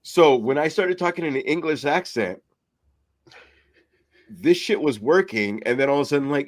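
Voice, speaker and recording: A man co-hosting a podcast, telling a story in animated casual chat with plenty of swearing. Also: fairly high pitch, moderate pace, pauses often. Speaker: podcast co-host.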